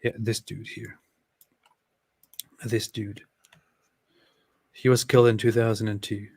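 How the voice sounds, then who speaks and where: A man's voice: fairly low pitch, flat delivery, takes it slowly, a little mellow, husky, no echo. A man co-hosting a live stream, reading viewer comments aloud and commenting sarcastically. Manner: sarcastic, mock-reverent reading. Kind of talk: casual live-stream chat.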